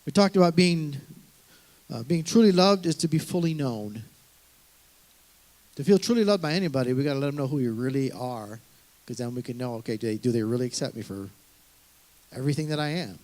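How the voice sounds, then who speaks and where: A middle-aged man preaches to his congregation in an earnest, conversational way. His voice sits in an ordinary middle pitch, and he often circles back and restarts a phrase as he works through his point. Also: lively intonation, a little fast, a little mellow. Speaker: pastor. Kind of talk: sermon.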